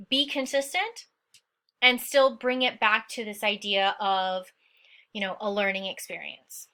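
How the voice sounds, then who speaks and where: A woman's voice: on the high side, sharp tone, clear, resonant tone. A woman teacher talking through an essay she wrote, explaining quotes and analysis and often checking in with "okay?". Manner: instructive, frequent "okay?" check-ins; stern about lazy writing. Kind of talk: essay walkthrough lesson.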